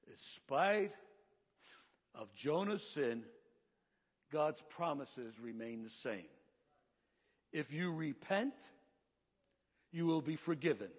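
A man preaching a sermon to his congregation in earnest tones, slowing down to stress his points. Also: on the high side, animated, slightly rough, in a large hall. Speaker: pastor.

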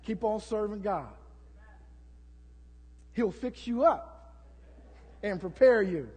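A man preaching a sermon as pastor, building to shouts and acting out prayers to the congregation. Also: high voice, lively intonation, slow, slightly rough, long reverb tail.

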